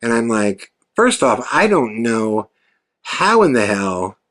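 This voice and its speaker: Podcast guy telling a wild story, swears a lot, acts out the lines, average pitch. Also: slow pace. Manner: animated, profane, acts out quotes. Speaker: podcast host. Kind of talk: storytelling monologue.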